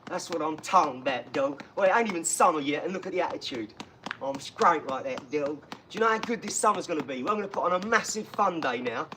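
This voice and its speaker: A loud, hyped middle-aged man hosting a live stream, full of streetwise banter. His voice sits a little high for a man and jumps up whenever he gets excited. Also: quick pace, noisy background. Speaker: livestream host. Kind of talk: casual live-stream chat.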